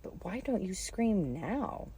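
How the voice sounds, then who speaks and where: A woman voicing a polite, curious young girl who asks earnest questions slowly, reading a storybook. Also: medium pitch, very animated, warm tone, husky, pitched above the performer's own voice, exaggerated voice.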